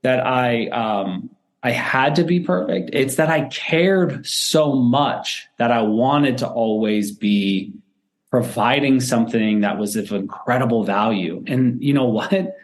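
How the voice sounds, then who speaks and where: A man's voice: mid-range voice, slow. Man, former coach, earnest, reflective, restarts often, podcast guest. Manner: earnest, searching, many restarts and "right?". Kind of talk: reflective podcast interview answers.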